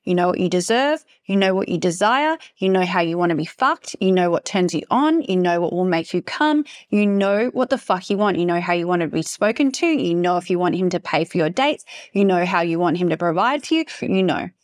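A woman's voice: on the low side, lively intonation, fairly quick, hardly any pauses. A woman hosting a solo podcast, talking in an impassioned, emphatic way and swearing freely. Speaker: podcast host.

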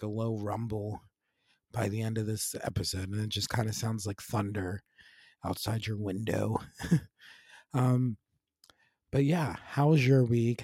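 A man hosting his podcast in a casual, rambling chat, hoarse, raspy and congested from being sick, with laughs between phrases. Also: fairly low pitch, darkish tone, dry recording. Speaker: podcast host.

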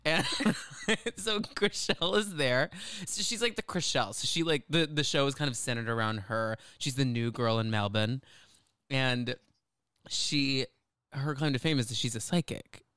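A man's voice: mid-range voice, measured pace, smooth, no echo, studio quality. A man co-hosting a podcast, telling a story in casual chat and breaking into laughter often. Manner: giggly, animated storyteller who keeps breaking into laughter. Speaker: podcast co-host.

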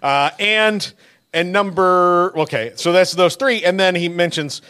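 Laughing, animated male sports podcaster. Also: high-pitched, unhurried, smooth. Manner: animated storyteller, laughs through his anecdotes. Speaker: podcast co-host. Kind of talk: casual sports chat.

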